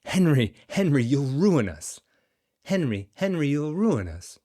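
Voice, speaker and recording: A man doing a fretful young sweetheart, raised pitch. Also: very animated, measured pace, warm tone. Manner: fretful, pleading. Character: anxious, pleading young woman sweetheart.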